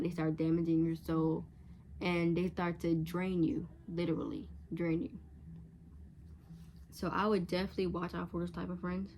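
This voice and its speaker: A woman's voice: fairly low pitch, a little mellow, slight background noise. Chatty teen girl giving frank advice. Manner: chatty, frank, acts out catty voices in quotes. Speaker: vlogger. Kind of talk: casual advice chat to camera.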